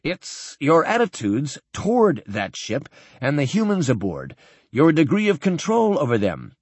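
A man voicing a curious female alien guide who speaks slowly, with careful enunciation. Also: on the high side, wildly swooping pitch, darkish tone, husky, no echo, heavily acted. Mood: probing.

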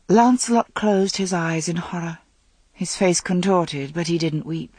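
A narrator reading a dramatic story aloud in a measured manner. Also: medium pitch, a little mellow, slightly rough, no echo. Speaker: audiobook narrator.

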